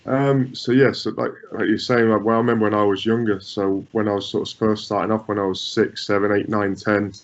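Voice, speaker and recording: A man's voice: on the low side, level tone, fairly quick, hardly any pauses. A man being interviewed as a goalkeeping coach, talking through his ideas with frequent repeats and restarts. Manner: repeats words, many restarts. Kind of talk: conversational interview answers. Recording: muffled lo-fi audio.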